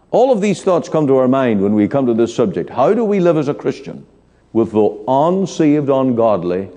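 A man preaching an evening sermon in a church, slow and emphatic with dramatic pauses. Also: mid-range voice, mellow. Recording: long church hall reverb.

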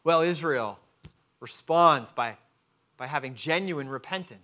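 A man's voice: on the high side, measured pace, sharp tone. A man preaching a sermon to a church congregation, acting out the quoted voices of God and people. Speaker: pastor. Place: church service.

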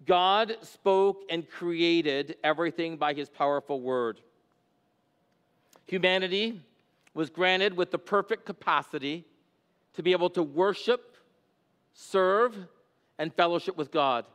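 A man's voice: sits high, unhurried, long pauses, fairly bright tone, smooth, big-room sound, highs cut off. A pastor preaching an expository sermon, a man whose voice climbs and drops for emphasis as he explains scripture.

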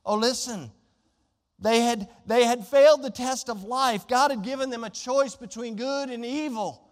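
A man preaching a sermon to a congregation, shifting between impassioned, conversational preaching and quiet pleading. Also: very high-pitched, normal speed. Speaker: pastor. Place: church sanctuary. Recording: long church reverb.

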